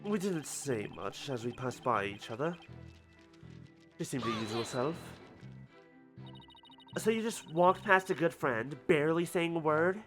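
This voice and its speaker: A man's voice: a little high, expressive, unhurried, pauses often, a bit bright, soft background music. A man reading a pompous young student. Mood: haughty. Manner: pompous, haughty. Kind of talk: reading a video game aloud.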